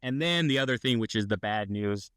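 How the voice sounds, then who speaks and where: A man's voice: fairly low pitch, animated, brisk, a bit bright, clear, resonant tone, dry recording, clean studio sound. A man co-hosting a podcast, telling a long story in casual chat and acting out the quotes. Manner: rambling storyteller, acts out quotes. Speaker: podcast co-host.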